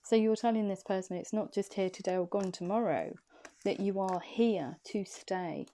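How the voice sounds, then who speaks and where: A woman with a mellow, warm voice gives an intuitive tarot reading. She talks in a loose, chatty way and stretches her phrases out. Her pitch sits in the middle of the usual female range. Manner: chatty, drawn-out, laughs easily. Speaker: tarot reader. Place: room indoors.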